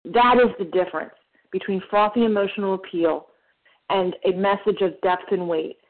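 A woman's voice: mid-range voice, steady tone, normal speed. A woman sharing at a recovery meeting, telling a parable and acting out the voices of the people in it. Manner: storytelling, acts out voices in a parable. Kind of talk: emotional recovery share. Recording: phone-line call audio.

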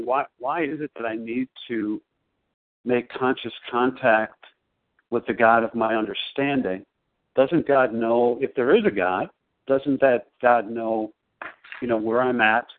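A man shares at a recovery meeting, often repeating words as he searches for what to say. His voice sits at a middle pitch and comes through a narrow, phone-like line. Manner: halting, searching. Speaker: meeting member sharing. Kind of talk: personal sharing at a recovery meeting. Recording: tinny phone-line audio.

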